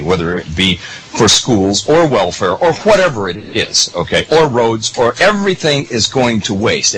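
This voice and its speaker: Animated, indignant male talk radio host. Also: mid-range voice, a little hiss or hum, rough recording. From United States. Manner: animated, rambling, indignant with many restarts. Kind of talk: political talk radio monologue.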